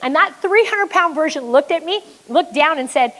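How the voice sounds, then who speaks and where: High-voiced, emphatic Canadian woman coach. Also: expressive, moderate pace, few pauses, fairly bright tone, poor audio. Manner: emphatic storyteller, blunt and profane. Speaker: business coach. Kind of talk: motivational keynote speech.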